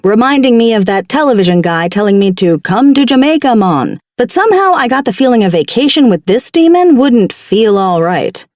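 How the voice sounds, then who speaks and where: A woman's voice: medium pitch, expressive, moderate pace, few pauses, darkish tone, no room sound. Woman narrating a dry, wry audiobook. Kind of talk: first-person audiobook narration.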